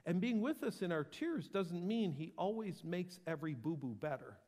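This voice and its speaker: A man preaching a sermon, dropping to a whisper and building to loud, emphatic passages. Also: high voice, sing-song, moderate pace, big-room sound. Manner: dramatic swings from whisper to loud. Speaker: pastor.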